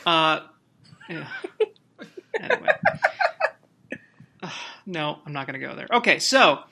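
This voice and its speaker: A man's voice: fairly high pitch, sing-song, unhurried, vocal fry, bright, forceful tone, a little hiss or hum. A man co-hosting a podcast in casual chat, laughing often as he runs through loose, joking plugs. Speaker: podcast co-host.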